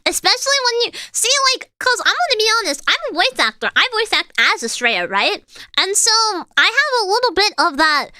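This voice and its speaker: Bright high-voiced young woman streamer. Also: big pitch swings, a little fast, no echo, clean studio sound. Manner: chatty, explains singing and demonstrates lines. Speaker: streamer and voice actor. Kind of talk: casual reaction stream chat.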